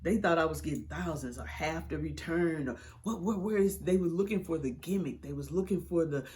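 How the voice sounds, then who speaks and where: A woman's voice: low voice, brisk, darkish tone. Lady, middle-aged, telling her story straight, cusses, no filter. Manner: candid, blunt, swears freely. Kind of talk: emotional personal storytelling.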